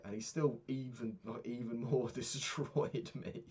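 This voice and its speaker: A young man, a personal trainer, candidly recapping his week and swearing freely, getting animated when retelling annoyances. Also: medium pitch, normal speed, hardly any pauses, husky, highs cut off. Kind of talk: casual vlog recap.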